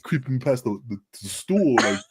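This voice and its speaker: A middle-aged man and former pro wrestler, guesting on a podcast and telling rambling, profane stories, loudly acting out the voices of the people he quotes. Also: medium pitch, sing-song, normal speed, noisy background. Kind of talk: casual storytelling on a podcast.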